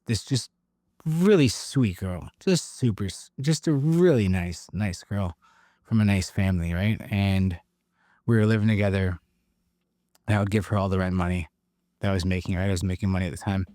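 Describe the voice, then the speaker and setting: A man from Canada candidly telling his recovery story in an interview, halting and emotionally raw. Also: lowish voice, warm tone, dry recording, studio quality. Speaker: guest sharing recovery story.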